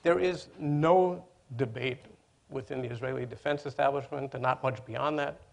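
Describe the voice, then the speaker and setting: Guy on a policy panel, gravelly voice, lays out his points slow and emphatic. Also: medium pitch. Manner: measured, emphatic argument. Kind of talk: panel discussion.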